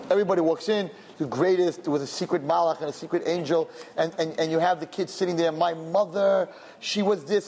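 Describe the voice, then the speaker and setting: A middle-aged man, a rabbi, giving an emotional sermon with lots of repetition and animated storytelling. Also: high-pitched.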